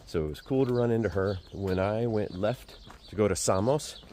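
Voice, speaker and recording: A man's voice: lowish voice, moderate pace, mellow. A man talking casually to his camera while walking outdoors, chatty and joking to himself. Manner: chatty, rambling, self-joking. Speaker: vlogger walking a pilgrimage. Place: outdoors, walking through a town. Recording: outdoor street noise.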